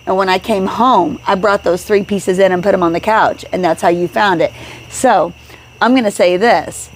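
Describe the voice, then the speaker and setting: Animated woman telling a story. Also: medium pitch. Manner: animated storyteller acting out quoted dialogue. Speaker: podcast co-host. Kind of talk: casual chat.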